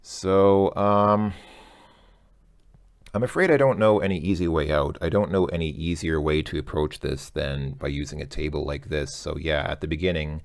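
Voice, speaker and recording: A man's voice: a bass voice, fairly even intonation, moderate pace. A man tutoring a language lesson, thinking aloud as he works through exercises, hesitant and self-correcting.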